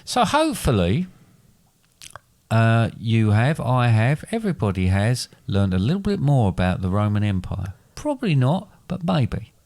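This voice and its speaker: Lively, joking dad. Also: male voice, mid-range voice, moderate pace. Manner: joking, rambling, self-correcting. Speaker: podcast co-host, father. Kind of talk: casual chat.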